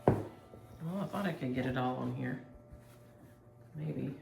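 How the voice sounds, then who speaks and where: A woman's voice: a bass voice, slow, vocal fry, reverberant, loud music behind the voice. A woman chatting casually and rambling as she shows her cross-stitch projects to viewers. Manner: chatty, rambling, thinks aloud. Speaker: flosstube host.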